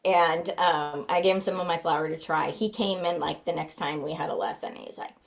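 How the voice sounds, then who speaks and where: Chatty low-voiced woman guest. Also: steady tone, vocal fry, low-quality recording. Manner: chatty, quick, many fillers. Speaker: guest, flour company founder. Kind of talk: casual interview chat.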